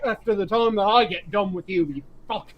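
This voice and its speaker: A man voicing a furious brawling Irish man who hurls rapid-fire threats in an Irish accent. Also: high voice, dull audio, close to an everyday voice. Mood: taunting. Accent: Irish, put on. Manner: shouting, rapid-fire taunts.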